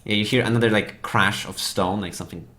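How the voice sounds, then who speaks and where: A man narrating as dungeon master for a tabletop game, halting and full of fillers. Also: lowish voice, fairly even intonation, bright, forceful tone.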